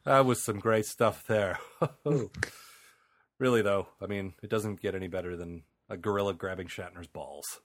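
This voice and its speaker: A man's voice: low-pitched, steady tone, brisk, few pauses, no room sound, clean studio sound. A man hosting a casual comedy podcast, rambling with frequent fillers and laughs. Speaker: podcast host.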